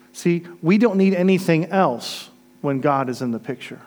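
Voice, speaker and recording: Earnest preacher with a higher voice. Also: male voice, animated, normal speed. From Florida. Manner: earnest storytelling, swinging from emphatic to hushed. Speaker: pastor. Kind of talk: sermon.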